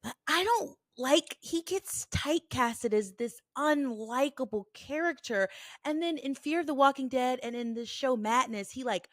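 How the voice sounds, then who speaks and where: A woman in her thirties hosting a casual solo podcast, telling stories in an animated, blunt way with plenty of swearing. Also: high voice, unhurried, no echo, studio quality. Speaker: podcast host.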